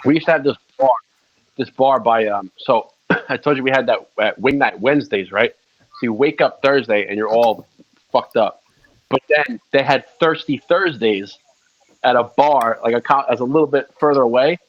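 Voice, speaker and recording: A man's voice: mid-range voice, expressive, normal speed. A man from Long Island chatting casually on a podcast, rambling through a story and swearing freely. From Long Island, New York. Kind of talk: casual chat. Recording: dull lo-fi sound.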